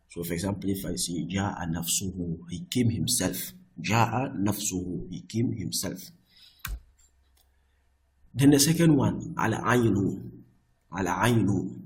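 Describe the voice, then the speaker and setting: A man teaching an Arabic grammar lesson, talking patiently, repeating each point and slowing down to recite Arabic text. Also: fairly low pitch. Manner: slows down for Arabic quotations. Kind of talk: recorded online lesson.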